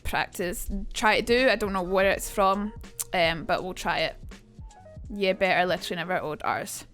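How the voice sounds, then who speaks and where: A woman's voice: fairly low pitch, moderate pace, a bit bright, soft background music. A young Scottish woman on a casual live stream, chatting and swearing freely as she talks to her chat about accents.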